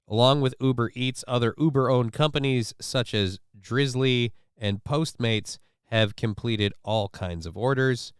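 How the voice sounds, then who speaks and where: A man's voice: mid-range voice, a little slow, hardly any pauses, clear, resonant tone, no room sound, clean studio sound. A man hosting a casual live stream, reading viewer comments and news stories aloud with sarcastic, offhand remarks. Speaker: livestream show host.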